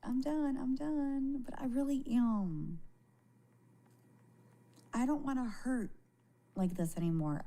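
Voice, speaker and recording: A woman talking casually to viewers on a live stream, candid and halting, swearing freely and often restarting her sentences. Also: mid-range voice, mellow. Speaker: livestreamer.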